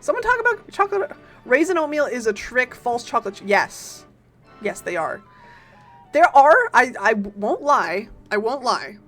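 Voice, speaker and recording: An excitable woman streams a game and keeps up a playful chatter with her viewers. Her voice sits a bit high and leaps up and down as she teases them, and soft music plays underneath. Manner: playful and excitable, greeting chat, quick bursts of teasing. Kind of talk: casual live-stream chat with viewers.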